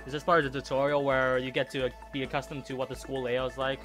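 A man's voice: medium pitch, flat delivery, fast, few pauses, a bit bright. A man giving casual gameplay commentary, thinking aloud and chuckling as he plays. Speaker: let's player. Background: game music.

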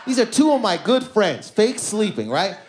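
Canadian male comic, slightly high voice, lively club stand-up storyteller. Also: moderate pace, slight background noise. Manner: animated storytelling, acting out voices. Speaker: stand-up comedian. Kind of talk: stand-up comedy set. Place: comedy club stage.

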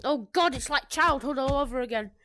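A young woman giving chatty, excitable commentary while playing a VR game, swinging from muttering to sudden shrieks. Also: sits high, fairly quick. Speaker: gaming video creator. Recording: noisy gameplay recording.

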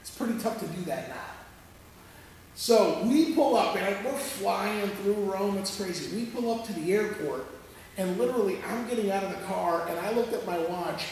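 High, gravelly-voiced pastor in an echoey hall. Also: male voice, moderate pace, a little hiss or hum. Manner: animated, conversational, checks in with listeners. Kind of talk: sermon storytelling. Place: church sanctuary. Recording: echoey church hall from far off.

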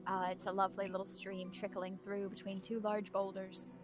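A woman narrating scenes for a tabletop game, calm and descriptive. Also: mid-range voice, normal speed.

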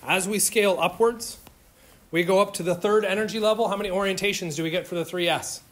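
A man's voice: high-pitched, quick pace, fairly bright tone. A man lecturing a chemistry class in an informal, joking way, firing questions at his students. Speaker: chemistry instructor.

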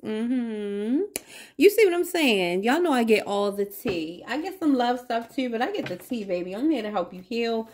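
A woman reading tarot for her audience in a loose, chatty way. Her voice sits a little higher than most, and she keeps slipping in playful asides and pet names for her viewers. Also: lively intonation, moderate pace, darkish tone, a little hiss or hum. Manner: chatty, playful, addresses viewers as baby and y'all. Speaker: tarot reader.

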